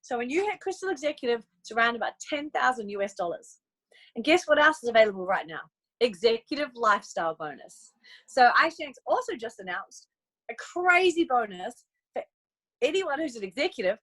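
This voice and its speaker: An animated young woman talks her sales team through how she invites people, her voice riding fairly high and swinging all over. She is casual and bubbly, and slips into quick upbeat voices for the friends she chats with. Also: rough recording. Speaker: network marketing coach on a team training call. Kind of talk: casual motivational training talk.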